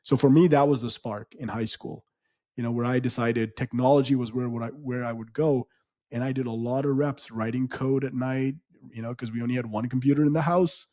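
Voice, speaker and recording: Guy in his 40s on a podcast, mellow warm tone, thoughtful and reflective, dry close sound. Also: medium pitch, steady tone, fairly quick, no room sound. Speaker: podcast co-host. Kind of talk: casual podcast conversation.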